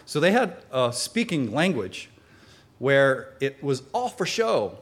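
Guy explaining bible verses, earnest, mid pitch, keeps asking rhetorical questions. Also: sing-song, takes it slowly. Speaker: Bible teacher. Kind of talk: Bible study teaching.

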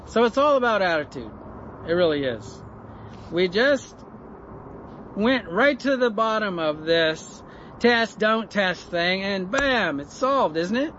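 A man's voice: high-pitched, sing-song, slow pace, fairly bright tone, muffled recording, slight background noise. A man giving an informal Bible teaching in a chatty way, often putting rhetorical questions to the listener. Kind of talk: informal Bible study talk.

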